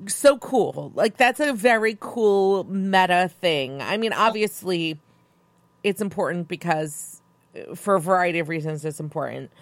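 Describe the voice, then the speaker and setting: Woman co-host, lower voice, rambling casual talker. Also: expressive, unhurried, dry recording. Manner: chatty, rambling, many fillers. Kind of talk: casual chat.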